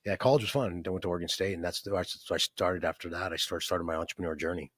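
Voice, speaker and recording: Man in his fifties, very low voice, quick talker, dry close sound, rambling with fillers. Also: fairly even intonation, husky, no echo. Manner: rambling, many fillers and restarts, frequent "right?". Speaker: interview guest, entrepreneur. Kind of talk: conversational storytelling.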